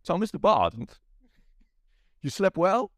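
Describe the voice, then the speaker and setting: A man's voice: sits high, sing-song, slow, fairly bright tone, no room sound, clean studio sound, pitched above the performer's own voice, heavily acted. A British man putting on a sly, drawling film villain greeting his enemy, in a loose impression. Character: smooth menacing male film villain, middle-aged.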